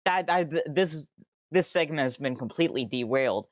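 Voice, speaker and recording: A man's voice: mid-range voice, expressive, brisk, no echo, clean studio sound. A young man streaming casually, rambling and easily sidetracked, swearing freely with exasperated outbursts. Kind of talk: casual live-stream commentary.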